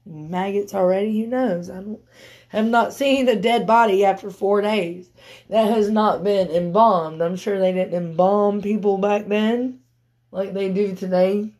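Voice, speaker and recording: A woman preaching a sermon, telling a Bible story and building to loud, emphatic peaks. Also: medium pitch, steady tone, unhurried.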